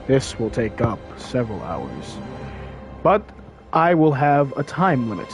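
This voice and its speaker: A man's voice: mid-range voice, sing-song, measured pace, music in the background. A man giving a grandiose, philosophical monologue, then thinking aloud as he plays a game on his channel. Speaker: game streamer. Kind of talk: reflective monologue and game commentary.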